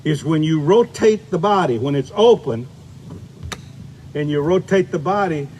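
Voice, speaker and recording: A man's voice: on the high side, expressive, a little slow, darkish tone, a little hiss or hum. An older man giving a golf lesson outdoors, chatty and folksy, demonstrating shots as he talks. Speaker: golf instructor.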